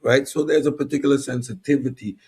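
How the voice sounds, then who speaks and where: Caribbean guy hosting a chat show, husky voice, gets animated. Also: medium pitch, fast talker. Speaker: podcast host. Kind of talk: casual panel talk.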